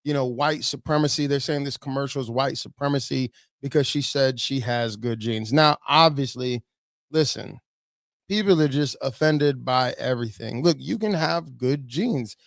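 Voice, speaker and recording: A man's voice: medium pitch, normal speed, creaky, no room sound, clean studio sound. A man, a pastor, giving blunt, preachy commentary on videos.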